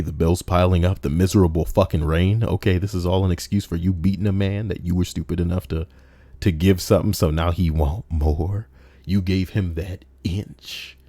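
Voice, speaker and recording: A man whose mellow voice sits low reads stories aloud on a dry, studio-quality recording. As reader and commentator, he breaks off between passages into brash, mocking, profane rants at the writer and whoever is listening.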